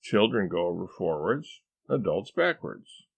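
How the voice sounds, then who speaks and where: A man voicing a pompous, eccentric husband who lectures in a drawn-out, know-it-all way in a storybook reading. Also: deep voice, sing-song, gravelly, slightly rough, dry recording, exaggerated voice. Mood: lecturing.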